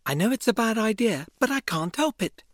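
Brief: woman narrator, husky, swooping lively pitch, wry first-person reading. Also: a little fast. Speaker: reader.

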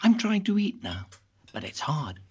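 A woman reading a first-person memoir aloud in a lively, wry, expressive way. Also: low-pitched, normal speed, a little hiss or hum. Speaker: reader.

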